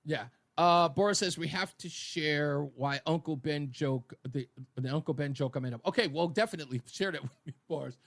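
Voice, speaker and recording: A man hosting a radio talk show, chatting casually with a loud, booming, animated delivery in a studio. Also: fairly quick, creaky, hardly any pauses. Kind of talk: casual on-air banter.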